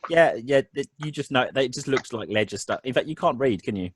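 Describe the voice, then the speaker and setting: A man's voice: mid-range voice, expressive, a little fast, slight background noise. A man narrating as game master of a tabletop game, in a rambling way full of ums and restarts.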